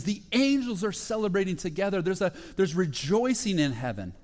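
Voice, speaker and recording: A man preaching a sermon with a fairly high voice. He retells stories in short, broken phrases, often restarting and filling pauses, and lifts into excitement when a story peaks. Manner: speaks in short phrases with frequent fillers and restarts. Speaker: pastor.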